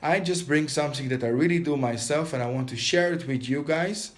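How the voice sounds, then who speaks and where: A man leading a guided meditation, giving calm step-by-step breathing instructions. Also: on the high side, fairly quick.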